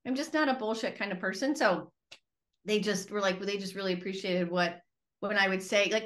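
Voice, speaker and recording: A woman's voice: mid-range voice, animated, normal speed, a bit bright. A woman co-hosting a podcast, speaking plainly and often trailing off with a sigh. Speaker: podcast co-host. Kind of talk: casual reflective chat.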